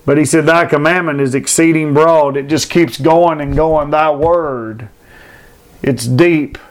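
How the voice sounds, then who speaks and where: A man's voice: on the high side, fairly even intonation, a little slow. A man preaching a sermon, building fervent repeated phrases and reading scripture aloud. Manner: fervent, repetitive emphatic preaching.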